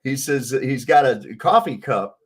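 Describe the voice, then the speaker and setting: A man in casual chat, telling an army story in an animated way and acting out the voices of the people in it. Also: medium pitch, moderate pace, breathy edge. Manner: animated anecdote teller, acts out the voices he quotes.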